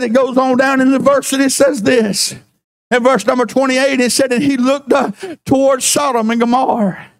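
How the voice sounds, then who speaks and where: A man preaching a fervent sermon, shouting and half-singing his phrases. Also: very high voice. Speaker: pastor. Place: church.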